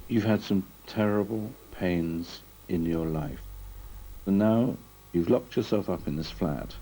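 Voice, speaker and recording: Deep-voiced probing male interviewer. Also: dark tone, poor audio. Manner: direct, probing questions. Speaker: documentary interviewer.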